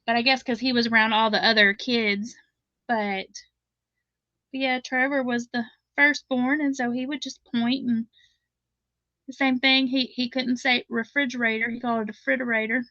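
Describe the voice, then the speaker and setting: Southern woman, middle-aged, chatty and laughing, bright higher voice, dry dull stream audio. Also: fairly even intonation, moderate pace, dry recording. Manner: chatty, laughs often, reads viewer comments aloud. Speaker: crochet livestream host. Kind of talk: casual chat while crocheting live.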